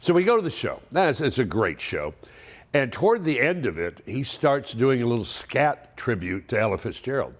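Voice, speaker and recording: A man's voice: medium pitch, very animated, normal speed. A man in his seventies telling stories in a monologue, with wry, dry humor. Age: 70s. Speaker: narrator of a yearly family letter. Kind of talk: storytelling monologue.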